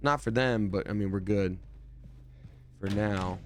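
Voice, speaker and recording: A man's voice: fairly low pitch, unhurried, faint music behind. A man giving live gameplay commentary as a streamer, chatty and jokey, thanking viewers from chat as he plays.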